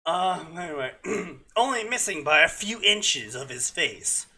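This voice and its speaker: Slow, sarcastic young man reading fanfiction. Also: fairly high pitch, big pitch swings, sharp tone, breathy edge. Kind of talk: comedic reading and commentary.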